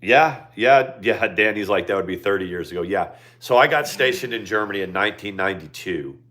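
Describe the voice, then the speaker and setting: A man's voice: fairly low pitch, lively intonation, fairly quick, a bit bright. A man in his fifties chatting casually on a livestream, rambling with many fillers and restarts. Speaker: livestream co-host. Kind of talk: casual chat.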